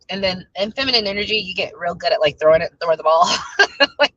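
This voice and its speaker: Husky, bright-toned woman chatting casually. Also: lowish voice, lively intonation, quick pace, no echo, muffled recording. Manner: chatty, storytelling, laughs easily. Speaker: spiritual life coach vlogger. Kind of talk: casual talk to viewers.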